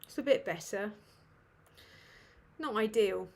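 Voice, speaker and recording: This livestream host is a woman from northern England whose medium-pitched voice is slow, gravelly and a little mellow. She runs a casual live Q&A, rambling, swearing and poking fun at herself.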